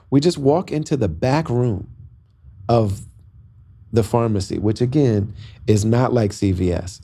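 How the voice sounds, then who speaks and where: Gravelly man telling a lively story. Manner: expressive, acts out quoted voices with big pitch jumps. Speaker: podcast host telling a story. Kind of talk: animated storytelling.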